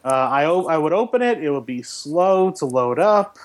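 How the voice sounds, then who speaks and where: Animated, wry man chatting about tech. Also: a little high, normal speed. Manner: animated, wry and self-mocking. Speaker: podcast co-host, professor. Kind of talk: casual tech chat.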